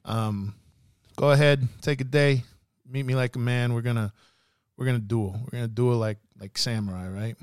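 A man's voice: medium pitch, steady tone, moderate pace, clean tone, no room sound, clean studio sound, close to an everyday voice. A man retelling a story, voicing a cocky samurai who sets up a duel. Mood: taunting. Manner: brash, swaggering.

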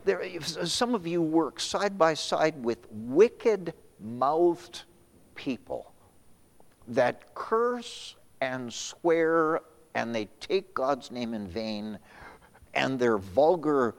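Man, pastor, sermon, unhurried delivery, long reverb, sudden whispered asides. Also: medium pitch, vocal fry. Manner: expressive preaching with sudden drops to a whisper; repeats words and restarts.

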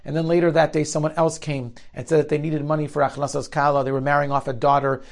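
Animated male storyteller. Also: fast talker, creaky. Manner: lively, shifts pitch and volume for quoted characters; uses Yiddish and Hebrew terms. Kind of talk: spoken storytelling.

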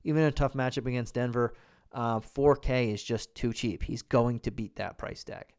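A man hosts a casual sports podcast in a smooth, clear voice at a middle pitch. He talks quickly and loosely, with plenty of "uh" and "um", and he sounds a bit winded. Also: a little mellow. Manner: quick, loose delivery with fillers. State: out of breath. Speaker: podcast host.

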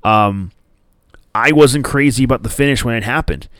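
A man's voice: mid-range voice, normal speed, a bit bright, dry recording, studio quality. Profane, rambling male podcast host. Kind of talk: casual ranting commentary.

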